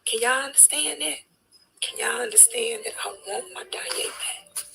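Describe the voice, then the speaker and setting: A woman speaking as a distraught grieving mother, halting and repeating herself, dropping to near-whispers and then rising again. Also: fairly high pitch, creaky, bright, forceful tone, a little hiss or hum, rough recording. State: distraught, on the edge of tears. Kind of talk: emotional personal testimony.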